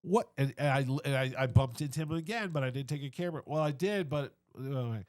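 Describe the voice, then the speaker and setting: A man's voice: mid-range voice, fast talker, dry recording. A middle-aged man as a podcast guest, telling a story casually and acting out the voices of everyone in it. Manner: animated, acts out everyone's voices. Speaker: comic convention founder, podcast guest.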